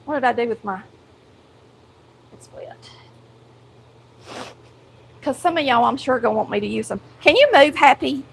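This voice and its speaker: High, gravelly Southern woman cooking. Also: normal speed, long pauses, a little hiss or hum, poor audio. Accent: Southern US, country. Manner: folksy and chatty, talks straight to viewers while cooking. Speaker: cooking show host. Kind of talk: casual cooking chat to viewers. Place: home kitchen.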